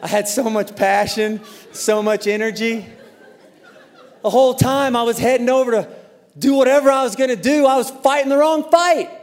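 Male pastor, high voice, animated storytelling sermon, long hall reverb. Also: normal speed. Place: large church auditorium.

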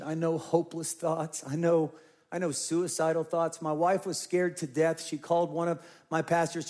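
A man's voice: a little high, a little mellow. A middle-aged man, a pastor, telling an earnest personal story in a sermon and acting out his own past words.

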